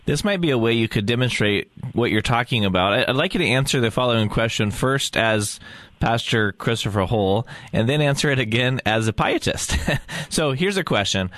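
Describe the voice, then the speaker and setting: A man hosting a podcast, asking thoughtful, halting questions about theology. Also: medium pitch, animated, a bit bright, no echo. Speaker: podcast host.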